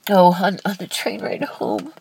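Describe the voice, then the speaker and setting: A young woman telling a personal life story candidly, in a halting, emotional way with restarts and sighs. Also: lowish voice, sing-song, vocal fry, darkish tone, a little hiss or hum, poor audio.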